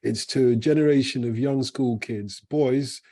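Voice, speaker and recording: A man's voice: mid-range voice, steady tone, a little slow, warm tone. A man co-hosting a casual football chat podcast, reflective, working his way around each point. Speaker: podcast co-host.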